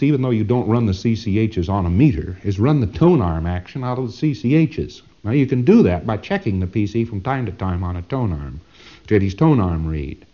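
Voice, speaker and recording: A man's voice: mid-range voice, dark tone. A man giving an informal lecture to a class, rambling and repeating words as he drives a point home. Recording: dull lo-fi tape recording.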